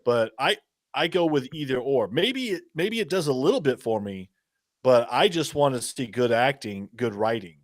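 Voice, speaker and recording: A man's voice: medium pitch, expressive, normal speed, no room sound, studio quality. A man co-hosting a podcast in casual chat, easygoing and lightly teasing. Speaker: podcast co-host.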